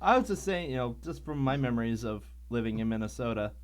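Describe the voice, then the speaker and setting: A man co-hosting a podcast in a casual chat, making dry jokes in a deliberate way. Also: mid-range voice, lively intonation, smooth. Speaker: podcast co-host.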